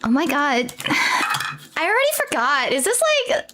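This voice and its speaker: Excitable girl streaming, gushy, voice jumps all over, kinda high, takes her time. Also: moderate pace, background noise. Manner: gushing, excitable, exclaims often. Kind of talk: casual livestream chat.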